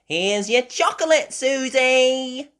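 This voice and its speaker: A woman voicing a cheerful little girl piglet in a read-aloud storybook, with an eager, bright manner. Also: high-pitched, animated, slow pace, smooth, voice pushed up, exaggerated voice. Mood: chirpy.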